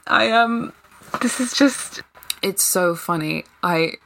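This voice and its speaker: A woman chatting casually as a podcast co-host, animated and laughing often. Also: mid-range voice, slow pace, vocal fry, slight background noise. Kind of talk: casual chat.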